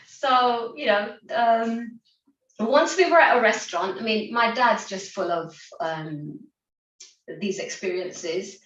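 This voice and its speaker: A higher-voiced woman leads a group through laughter yoga, upbeat and encouraging. She talks slowly and often breaks into laughter. Her voice comes from some way off the mic in a roomy, echoing space. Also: expressive, a bit bright, far from the mic, highs cut off. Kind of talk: guiding an online group exercise session.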